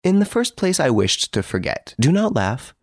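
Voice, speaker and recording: A man voicing a suave gentleman thief who mocks the detective from his prison cell, urbane and playfully boastful. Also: a little high, very animated, normal speed, no echo, clean studio sound, voice pushed up. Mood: playful, sly.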